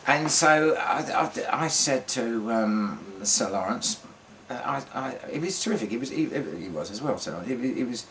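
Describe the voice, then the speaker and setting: An older man telling a rambling one-man comedy monologue on stage, halting and restarting often. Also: mid-range voice, fairly bright tone, a little hiss or hum. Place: theatre stage.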